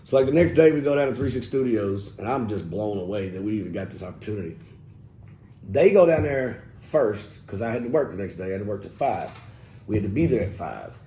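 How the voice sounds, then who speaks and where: A middle-aged man, casually telling an interview story in a loose, profane, animated way and quoting people as he goes. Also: fairly low pitch, a little fast. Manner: loose, profane, animated retelling with quoted dialogue. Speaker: rapper telling his story as guest. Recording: roomy echo with faint background noise.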